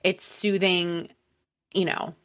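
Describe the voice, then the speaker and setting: Bright-voiced woman thinking aloud. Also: lowish voice, flat delivery, slow. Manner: reactive, thinking aloud with many fillers. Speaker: podcast co-host listening. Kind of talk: casual chat.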